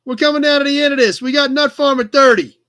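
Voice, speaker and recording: Guy doing a brash new york auctioneer, hammy put-on accent, real high and bright, pushing bids. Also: fairly even intonation, fast. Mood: hamming.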